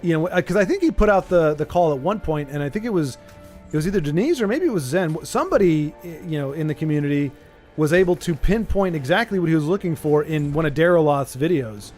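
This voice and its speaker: A man hosting a stream, chatting casually in a rambling, animated way. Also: on the high side, faint music behind. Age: adult with a young child. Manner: rambling, animated, does quick silly voices. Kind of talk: casual chat.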